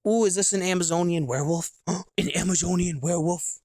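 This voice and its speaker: A breathless male game streamer coos and gasps in a raised, soft voice, put on by a man who is mocking him. The baby talk runs through every line. The voice sits close and dry. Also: high-pitched, steady tone, moderate pace, no room sound. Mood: gushing.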